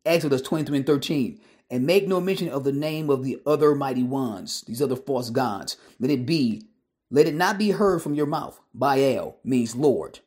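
A man's voice: medium pitch, lively intonation, normal speed. A man preaching in a monologue, emphatic and blunt, firing rhetorical questions at his listeners and mixing street slang into his sermon.

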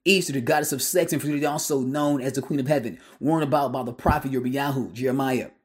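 A man delivering a fiery solo sermon, his voice sitting at an ordinary middle pitch. He talks emphatically, throws rhetorical questions at the listener and slips casual street slang into his preaching. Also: fairly even intonation, fast. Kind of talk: preaching monologue.

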